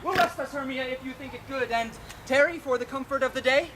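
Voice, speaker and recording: A woman's voice: high voice, brisk, fairly bright tone. A woman playing an ardent, fickle young man in love in a stage play, speaking in earnest, impassioned verse. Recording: outdoor recording with clear noise.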